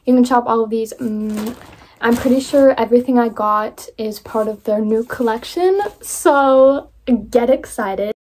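A young woman chatting casually to camera in a vlog, bubbly and excitable, full of "like" fillers. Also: a little high, unhurried, a little hiss or hum. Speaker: vlogger.

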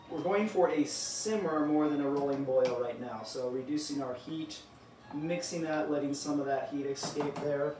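A man hosting a live cooking class, chatting as he explains each step. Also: fairly high pitch. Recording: echoey room, mic far off.

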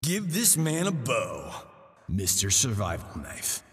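A man's voice: medium pitch, huge pitch swings, takes it slowly, in a large hall. An actor playing a cocky, wisecracking male movie-star fighter who announces fighters in a video game, delivering smug, sarcastic quips. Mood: smug, mocking. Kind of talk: video game character voice lines.

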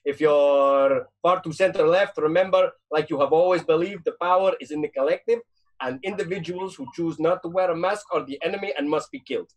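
A man's voice: on the high side, natural voice. A man voicing a pompous male Russian spy pundit with a put-on Russian accent and a slight lisp, lecturing long-windedly in improvised role-play. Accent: put-on Russian, drifting English. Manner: long-winded mock lecture, halting fillers.

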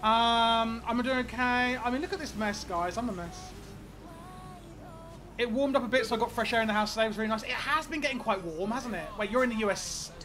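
A man live-streaming a game, chatting casually with viewers in an excitable, rambling way, often stammering and repeating words. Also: very high voice, fairly quick, soft background music.

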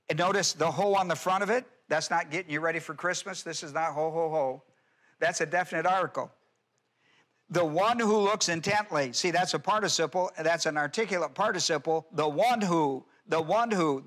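A man's voice: fairly high pitch, bright, forceful tone. A male pastor giving an expository Bible teaching sermon, stressing points with rhetorical questions and explaining Greek grammar.

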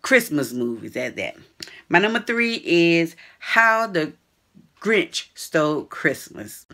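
A woman's voice: fairly low pitch, big pitch swings, takes it slowly, sharp tone. A woman vlogger chatting casually to her viewers in a chatty, slangy way, laughing often. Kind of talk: casual chat to camera.

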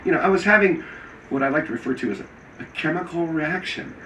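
A man, an actor, telling a lively anecdote in casual conversation and acting out the voices of the people in it. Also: on the high side, fast talker. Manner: animated, acts out voices in his anecdotes. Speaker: guest actor. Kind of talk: casual storytelling. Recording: echoey room, mic at a distance, faint ambient noise.

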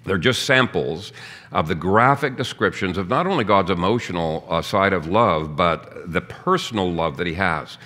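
A man's voice: low voice, animated, moderate pace, pushed and bright. A man preaching a sermon as pastor, teaching earnestly and reading out scripture. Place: church.

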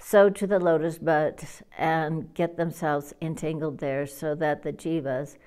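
Stern old sage preaching read by a woman; low, mellow tone, measured scripture delivery. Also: fairly even intonation. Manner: solemn, measured reading. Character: stern old male sage laying a curse. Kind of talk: scripture reading.

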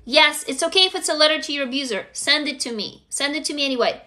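A woman hosting a casual livestream, reading viewer stories aloud and reacting in an effusive, excitable way, swearing when impressed. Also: high-pitched, fast.

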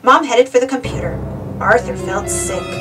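A woman narrating a children's storybook aloud, expressive, with a distant mic. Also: fairly high pitch, normal speed, over music. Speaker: storybook reader.

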